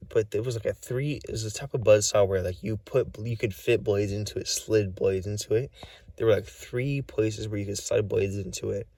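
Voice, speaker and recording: Tired man with a gravelly voice. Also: lowish voice, darkish tone, dry recording, far from the mic. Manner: halting, full of restarts and repeats. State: tired and short of breath. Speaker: vlogger. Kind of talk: rambling recorded monologue.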